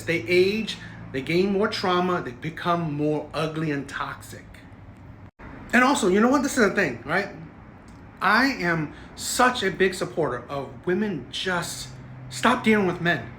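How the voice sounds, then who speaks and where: A man's voice: sits high, pushed and bright, slight background noise. A man hosting reaction commentary, ranting and tagging his points with "right?". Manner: ranting, keeps asking "right?". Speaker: commentary host. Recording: echoey room.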